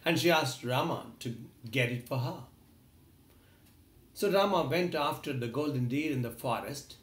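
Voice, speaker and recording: A man's voice: mid-range voice, unhurried, a bit bright, roomy sound. A man giving an earnest motivational talk, retelling an old epic and addressing the listener directly. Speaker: motivational speaker. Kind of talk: storytelling talk.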